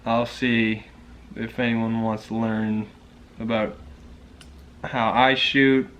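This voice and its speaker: A man's voice: medium pitch, flat delivery, takes it slowly, a bit bright, slight background noise. A man chatting casually at home as a vlogger, laid-back and teasing. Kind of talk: casual couple chat. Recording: slightly dull lo-fi recording.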